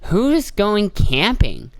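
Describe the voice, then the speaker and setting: A man mimicking a whiny, squeaky, fussy old boss. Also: huge pitch swings, slow, dry recording, full character voice. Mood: scornful. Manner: whiny, dismissive, exasperated. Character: fussy, high-strung older male boss.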